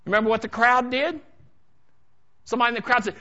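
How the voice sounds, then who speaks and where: A man preaching a sermon in church, dramatic, dropping to a hush and then rising to shouts. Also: very high voice, quick pace, pauses often, lo-fi sound. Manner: dramatic, swings from hushed to shouting. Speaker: pastor.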